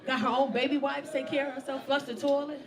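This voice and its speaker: A middle-aged woman works a comedy club stage with a brash, profane stand-up set. Her voice sits high, and she acts out the people in her stories loudly. A laughing audience rolls under her lines. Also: flat delivery, quick pace, a crowd in the background. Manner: brash, profane, loud storytelling with acted-out quotes.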